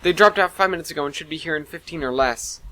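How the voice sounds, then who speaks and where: A man doing a stressed, fast-talking sensor officer woman. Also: on the high side, bright, forceful tone, voice pushed up, poor audio. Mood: urgent. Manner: fast, breathless.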